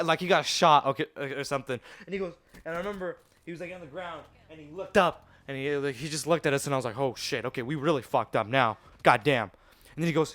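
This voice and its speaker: A young man with a slightly high, smooth voice tells a story over gameplay in a loose, casual way. He is animated and dramatic, throwing in sound effects and voiced quotes. The recording is close and dry. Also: no echo. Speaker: gaming channel host.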